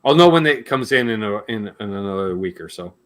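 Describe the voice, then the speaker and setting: Animated, rambling man in his forties. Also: on the low side, fairly quick. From Canada. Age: 40s. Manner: rambling and jokey, laughs between remarks. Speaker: host of a live guitar Q&A stream. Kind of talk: casual chat.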